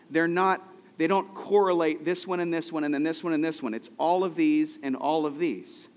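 Male pastor, conversational storyteller in the pulpit, slightly raised pitch, long hall reverb. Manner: conversational storytelling preacher, slows for emphasis. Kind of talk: sermon.

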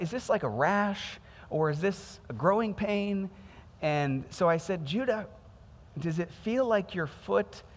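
A man in his thirties, a pastor preaching a sermon in a conversational, storytelling way with animated quoted voices. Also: high-pitched. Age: 30s. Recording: music underneath, long hall reverb.

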